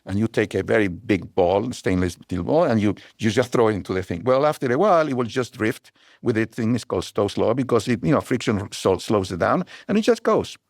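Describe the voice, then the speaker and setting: Here the same kind of guest, an older scientist, has a lowish voice and talks fairly quickly on clean, echo-free studio audio. His explanations wander into anecdotes, told with animation and plenty of restarts, in a relaxed interview setting.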